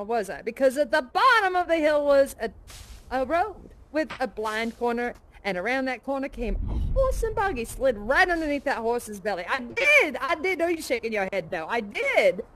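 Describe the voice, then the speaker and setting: A woman's voice: sits high, a bit bright, a little hiss or hum. An actress playing a folksy, adventurous woman aviator in a live immersive theater show, chatting and telling stories in an exclamatory way.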